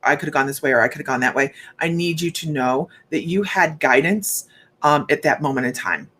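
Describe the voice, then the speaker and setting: A woman's voice: sits low, animated, fairly quick, fairly bright tone, breathy edge. A woman working as a psychic medium, giving a rambling, chatty live reading and talking straight to her viewers.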